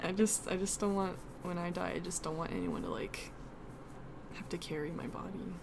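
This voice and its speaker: A woman's voice: fairly low pitch, sing-song, normal speed, vocal fry, background noise. A young woman cohosting a podcast in casual chat, rambling and giggly with lots of "like".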